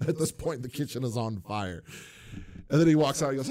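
A man's voice: medium pitch, expressive, moderate pace, dark tone, no room sound, clean studio sound. A man in casual chat, animatedly retelling cartoon scenes, laughing often and mimicking characters.

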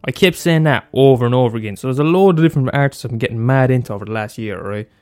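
A man's voice: medium pitch, very fast, a little mellow, clean tone. A man hosting a solo podcast, rambling casually with lots of swearing, fillers and restarts. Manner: loose and profane, many fillers and restarts. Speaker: podcast host.

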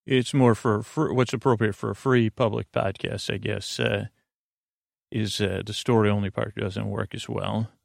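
A man hosting a sleep podcast, reading listener reviews aloud in a halting way, with many ums and restarts. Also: on the low side, steady tone, creaky, no echo, clean studio sound. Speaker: podcast host.

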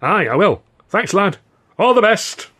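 A man voicing a nervous, chummy older male music-hall pal with a husky, squealing voice. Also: sits high, very animated, unhurried, pushed and bright, pitched above the performer's own voice, heavily acted. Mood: sheepish.

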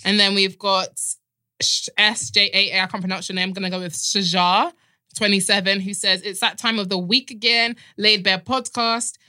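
A woman hosts a podcast in casual chat, teasing her co-hosts and bursting into giggles. Her voice is bright and forward. She's recorded close and dry on a studio mic. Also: mid-range voice, steady tone, moderate pace, dry recording. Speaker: podcast host.

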